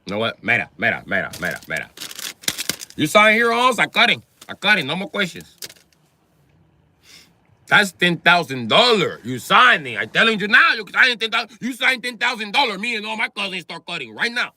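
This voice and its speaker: A man's voice: high voice, very animated, brisk, bright, forceful tone, full character voice. A man voicing a pushy landscaping boss, haggling in a salesman's patter. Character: brash Mexican man landscaping boss, hustling.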